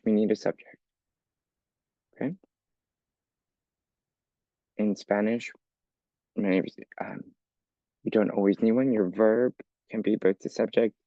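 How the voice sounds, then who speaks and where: In a dry recording with the highs cut off, a male ESL teacher with a lowish, dark voice and vocal fry walks learners through an English lesson. He explains patiently, step by step, often checking in with "okay?"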